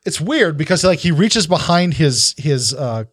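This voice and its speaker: A man's voice: on the high side, sing-song, a little slow, fairly bright tone, dry recording, studio quality. A man narrating as game master, rambling with many fillers and restarts.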